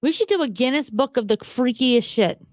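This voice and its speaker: A woman's voice: high voice, animated, normal speed, a little mellow, no echo. A woman co-hosting a comedy podcast in casual chat, crude and rambling, swearing freely. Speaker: podcast co-host.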